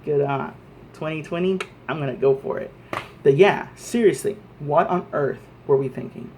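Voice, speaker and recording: A man's voice: a little high, moderate pace, a little mellow, a little hiss or hum. An American man angrily ranting to camera in a vlog, heated and profane, often stumbling over repeated words. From United States. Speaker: vlogger. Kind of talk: angry political rant.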